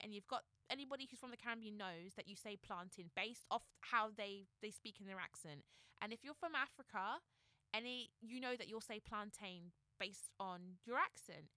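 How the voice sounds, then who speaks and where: Lively London woman chatting. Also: fairly high pitch, moderate pace, no room sound, clean studio sound. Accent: London English. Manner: animated, laughs often, emphatic. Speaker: podcast co-host. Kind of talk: casual chat.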